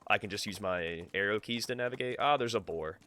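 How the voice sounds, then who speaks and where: A man's voice: on the low side, fairly quick, pushed and bright. A man streaming a game live, swearing freely and chatting with his viewers and his cat. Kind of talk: live gameplay commentary.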